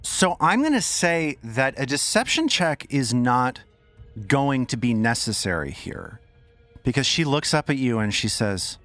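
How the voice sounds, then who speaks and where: A man narrating a tabletop game as game master, relaxed, unhurried and wry. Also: medium pitch, soft background music.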